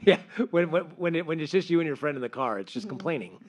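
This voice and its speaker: A man's voice: a little high, quick pace. A male comedian on a convention panel, telling stories and acting out quoted lines. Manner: animated storyteller, acts out quoted lines. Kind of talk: panel discussion.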